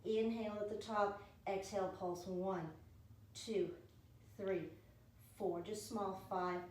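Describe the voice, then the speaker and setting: A woman's voice: medium pitch, steady tone, slow pace, a little mellow. A woman leading a home pilates class, counting reps and cueing breaths in an encouraging way. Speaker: pilates instructor. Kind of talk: guided exercise class. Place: dining room at home. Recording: very echoey room, distant mic, faint noise.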